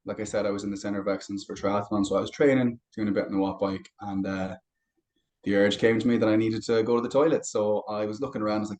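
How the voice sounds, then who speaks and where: A young adult man, a fitness coach guest on a podcast, talking casually and telling stories in a relaxed way. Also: lowish voice, fast, rough recording. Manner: relaxed storytelling with anecdotes. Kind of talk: casual interview chat.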